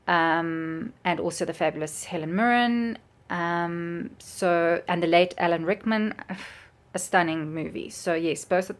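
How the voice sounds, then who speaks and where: A middle-aged woman, chatting casually and enthusiastically with lots of ums. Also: on the low side. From South Africa. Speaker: book vlogger and author. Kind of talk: casual chat.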